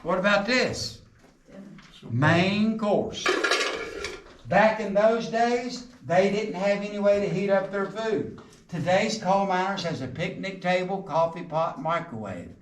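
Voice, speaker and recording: A middle-aged man with a fairly high voice leads a group through an underground coal mine, speaking slowly, telling folksy stories and jokes, and quizzing the group. His voice echoes off the tunnel walls, picked up from a distance over faint background noise.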